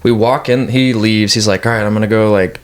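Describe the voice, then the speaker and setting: A man's voice: on the low side, a crowd in the background. A man casually telling a story as a guest, swearing and acting out what people said. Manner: fast, animated, swearing, acts out quotes. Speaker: guest urban explorer.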